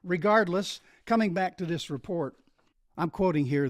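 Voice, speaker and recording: Male solo host, emphatic and explanatory, somewhat high voice, dry close sound. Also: normal speed, no echo. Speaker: videocast host.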